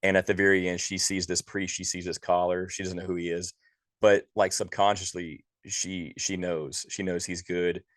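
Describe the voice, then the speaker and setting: Male podcast co-host, very low voice, dry close sound, exasperated and profane ranting. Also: flat delivery, moderate pace, a bit bright, no echo. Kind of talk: casual movie review chat.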